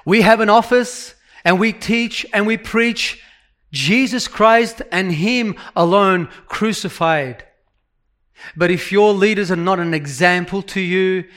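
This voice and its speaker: High-voiced man preaching slowly. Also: a bit bright. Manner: earnest, emphatic, repeats phrases for stress. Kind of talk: sermon.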